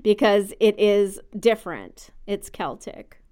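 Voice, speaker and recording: Chatty woman, smooth clear voice. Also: medium pitch, expressive, slow pace, dark tone. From United States. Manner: opinionated, chatty, explains at length. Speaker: podcast co-host. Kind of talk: casual chat about baby names.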